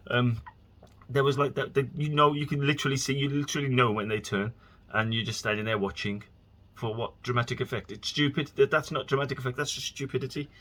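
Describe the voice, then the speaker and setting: Husky man rambling on a podcast. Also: medium pitch, steady tone, quick pace, fairly bright tone. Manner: rambling, chatty, breaks into exasperated rants. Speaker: podcast host. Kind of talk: casual solo podcast rambling.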